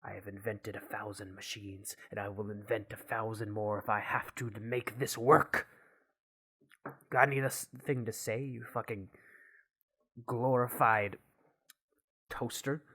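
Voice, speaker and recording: A man's voice: on the low side, fairly even intonation, a little slow, long pauses, pushed and bright, slightly rough, exaggerated voice. A man voicing an obsessive, frustrated male scientist who talks in a pompous, grandiose way.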